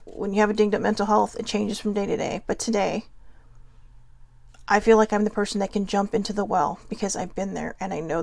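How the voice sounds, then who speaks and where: A woman's voice: medium pitch, creaky, darkish tone, no room sound. A woman vlogger talking earnestly to viewers, telling a personal story in a heartfelt, reflective way. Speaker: mental health vlogger.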